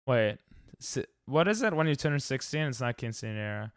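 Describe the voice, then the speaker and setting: A young man streaming a game, chatting casually with viewers and yelping loudly when he loses. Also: mid-range voice, expressive, a little slow, smooth, no echo, studio quality. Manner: rambling, loud yelps when dying in game. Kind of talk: casual live-stream chat while gaming.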